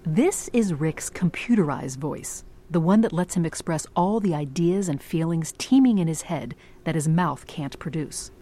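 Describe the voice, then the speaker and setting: A woman radio reporter narrating a scripted story in a measured, clear storytelling manner. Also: low-pitched, expressive, dark tone.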